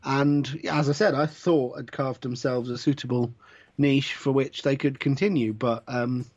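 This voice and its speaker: A man co-hosting a casual chat, measured and dryly teasing. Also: medium pitch, steady tone, darkish tone, dull audio. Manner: measured, dry teasing, chuckles. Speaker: podcast co-host.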